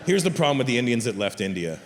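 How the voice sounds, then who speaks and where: A man doing stand-up comedy, telling stories in a brash, profane, animated way before a live audience. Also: mid-range voice, rapid-fire. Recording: reverberant live stage with crowd.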